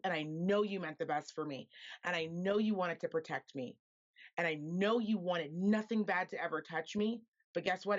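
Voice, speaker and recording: A woman's voice: fairly low pitch, dull audio. A woman from Reno speaking as a podcast guest in an earnest, impassioned way, repeating points for emphasis. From Reno, Nevada, US. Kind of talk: earnest conversation.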